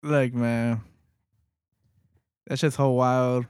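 A man's voice: mid-range voice, steady tone, extremely slow, a little mellow, clear, resonant tone, no echo, clean studio sound. A man co-hosting a podcast in casual chat, laid-back and teasing, with short reactions. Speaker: podcast co-host.

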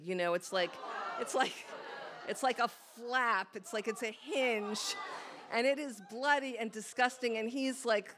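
A woman telling a candid, self-mocking personal story on stage before a live audience, acting out her own thoughts as she goes. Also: fairly high pitch. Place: small hall with a live audience.

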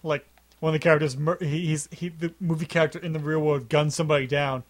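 A man hosting a casual movie commentary, animated and quick to laugh. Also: on the high side. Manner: animated, laughs often, jumps into quoted voices. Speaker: host.

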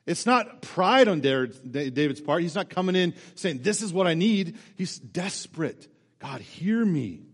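A man preaching from the pulpit, his slightly high voice carried by the long echo of a church hall. He talks earnestly, dropping to quiet reflection and then rising into fervent emphasis. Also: animated, normal speed, hardly any pauses. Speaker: pastor. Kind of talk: sermon.

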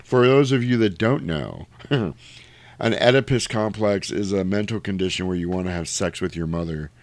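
A man casually retelling a comedy film for a podcast, acting out the lines in high put-on voices and laughing often. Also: normal speed, dry recording. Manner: animated storyteller, acts out quotes in high voices, laughs often. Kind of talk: casual movie recap chat.

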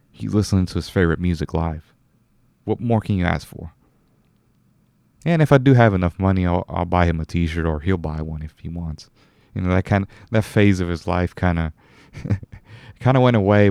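A man's voice: low voice, creaky, darkish tone, no room sound, clean studio sound. A young man hosting a solo podcast, rambling casually, correcting himself and chuckling now and then. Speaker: podcast host.

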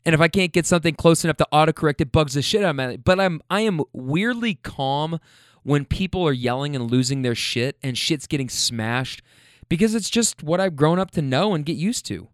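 A man's voice: on the high side, animated, fairly quick, no echo, clean studio sound. A man telling a casual story about a couple he drove, loose, chatty and profane.

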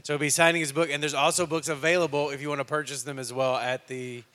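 A man's voice: on the high side, level tone, fast talker, pushed and bright. A man moderating a festival talkback, giving a friendly thanks and announcements.

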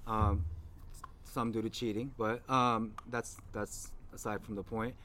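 A man's voice: lowish voice, a little slow, a little hiss or hum. A man hosting a podcast in casual chat, telling stories animatedly, swearing freely and acting out what others said. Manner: animated, profane, acts out quotes in other voices. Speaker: podcast host.

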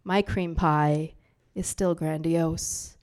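Woman, spoken-word poet, live bar stage, brash, profane, playful banter, smooth clear voice. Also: deep voice, fairly even intonation, takes it slowly, a little mellow. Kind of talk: live poetry performance.

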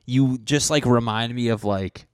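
A man hosting a podcast, ranting in a casual, profane and animated comic way into a handheld microphone. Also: medium pitch, measured pace, smooth, no echo. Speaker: podcast host. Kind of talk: casual comedic rant.

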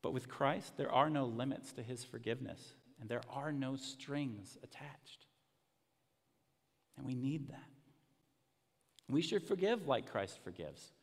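A male pastor preaches with a gravelly, rough-edged voice. His words ring out with a long reverb tail in a large hall. He moves between earnest emphasis and soft, hushed passages. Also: medium pitch, animated, unhurried, long pauses. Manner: storytelling, dropping to a hushed, emotional near-whisper in quiet passages. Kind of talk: sermon.

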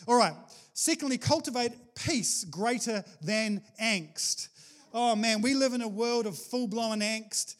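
A man preaching a sermon as pastor, animated and jokey, with sudden exclamations to the congregation. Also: extremely high pitch, a little slow.

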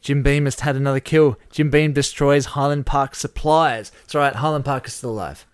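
A man in casual chat, reading out game events with animated play-by-play. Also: medium pitch, moderate pace, clean tone, no echo, clean studio sound. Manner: animated play-by-play, chuckling at the results. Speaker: host running a whisky-themed game simulation.

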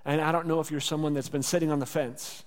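Man, pastor, sermon, earnest conversational preaching, slightly high voice, echoing church hall. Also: fairly even intonation, quick pace. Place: church sanctuary. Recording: long hall reverb.

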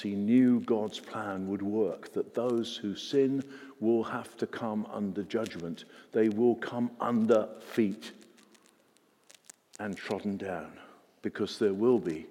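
A man's voice: on the low side, mellow. A man preaching a sermon in an earnest way, repeating words for emphasis and putting questions to the congregation. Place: church. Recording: long church reverb.

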